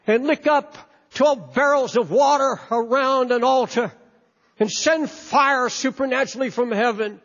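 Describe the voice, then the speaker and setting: Preacher, male, very high voice, fervent sermon delivery, dull lo-fi hall recording. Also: a little slow, a bit bright. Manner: impassioned, emphatic, repeats words. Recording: echoey hall, dull lo-fi sound.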